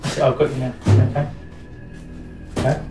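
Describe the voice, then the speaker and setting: An actor playing a guide in a haunted attraction who calmly coaxes a blindfolded guest through a room. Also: male voice, mid-range voice, normal speed, close to an everyday voice. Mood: coaxing. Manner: calm, coaxing instructions. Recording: distant, echoey over loud music.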